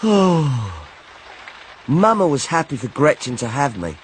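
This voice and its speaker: A man's voice: mid-range voice, sing-song, slow, a little hiss or hum. An actor narrating as a wry grown man recalling his childhood, in dry, ironic tones, for a radio drama.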